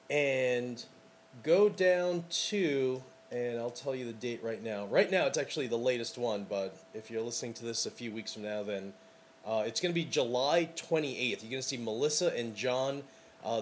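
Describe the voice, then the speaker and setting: A man's voice: mid-range voice, slight background noise. A man hosting a casual podcast as a wedding photographer, talking in an enthusiastic, rambling way with lots of fillers.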